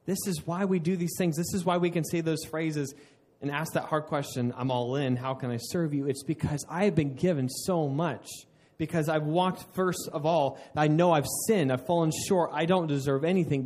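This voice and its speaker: A man's voice: fairly high pitch, moderate pace, hardly any pauses, darkish tone. A man preaching a sermon in an earnest way, often restarting mid-phrase and laughing at himself. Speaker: pastor.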